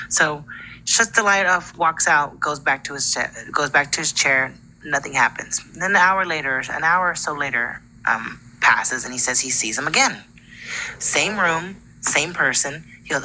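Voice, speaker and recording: A low-pitched woman in her twenties from California tells a ghost story on a live call, chatty and acting out the voices. Her tone is bright and forward. A faint hiss sits under the line. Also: normal speed, low-quality recording. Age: 20s. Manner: chatty, acts out quoted dialogue. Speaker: caller telling a ghost story. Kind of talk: casual storytelling.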